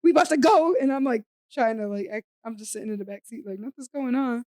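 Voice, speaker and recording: A woman's voice: fairly high pitch, fast, dry recording, clean studio sound. A young adult woman co-hosting a podcast, telling a story in casual chat, acting out other people's voices and leaning heavily on "like". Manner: animated, acts out quoted voices, frequent "like". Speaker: podcast co-host.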